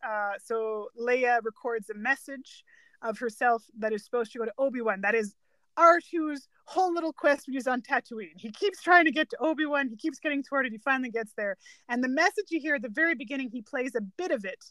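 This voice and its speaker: A woman's voice: fairly high pitch, a bit bright, no room sound. A woman co-hosting a podcast with her sister, chatting casually and laughing often as she quotes lines. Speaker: podcast co-host. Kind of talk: casual chat.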